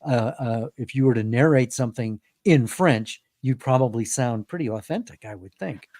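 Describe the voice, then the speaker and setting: A man's voice: mid-range voice, moderate pace, darkish tone, no echo. A man hosting an interview over a video call, asking questions in a friendly, conversational way. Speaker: interview host.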